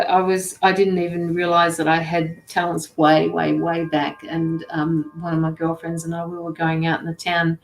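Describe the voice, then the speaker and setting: Chatty middle-aged woman, blunt livestream reader. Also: lowish voice. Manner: chatty, rambling, blunt with casual swearing. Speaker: intuitive tarot and mediumship reader. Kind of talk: casual livestream reading. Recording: roomy echo.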